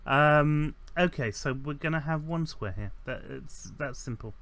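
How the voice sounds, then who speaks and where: Recorded with no echo, a man with a slightly high, somewhat bright voice hosts a let's play of a building game. His commentary is casual and rambling, full of self-corrections, ums, and dry jokes at his own expense.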